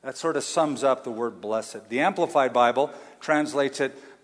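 A man preaching a sermon to a congregation, emphatic, slowing down to stress key phrases and asking the room to answer him. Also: medium pitch. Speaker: pastor. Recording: long hall reverb.

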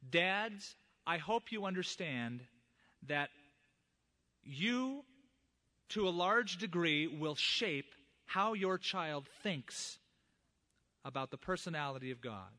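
A man's voice: on the high side, animated, slow pace, pauses often, bright, forceful tone. A middle-aged man, a pastor, preaching a sermon and earnestly addressing the fathers in the congregation.

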